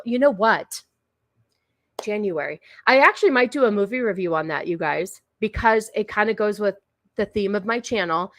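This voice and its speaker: A woman's voice: mid-range voice, fairly bright tone, dry recording, clean studio sound. A woman hosting a casual live stream, talking in a chatty, rambling way with many fillers and restarts. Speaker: streamer host.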